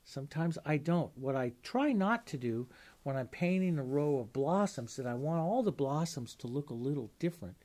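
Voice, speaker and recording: A male art instructor talks through a flower-painting demonstration in a casual, unscripted way. His voice is mellow and dark-toned, set a touch higher than most men's. He poses questions to the viewer and answers them at once. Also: animated, normal speed. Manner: casual, thinking aloud, asks and answers own questions.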